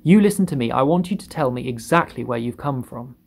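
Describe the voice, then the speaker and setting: A man voicing an excitable, blustering police chief who shouts orders in alarm, with a gravelly voice. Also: mid-range voice, brisk. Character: excitable middle-aged male police chief.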